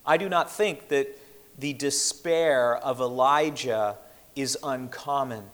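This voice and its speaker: A man delivers a sermon with earnest, measured phrasing and a voice pitched in the middle range. He slows down to weigh key lines. The sound carries a long, hall-like reverb. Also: fairly bright tone. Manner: earnest, measured, with slowed emphatic quotations. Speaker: preacher.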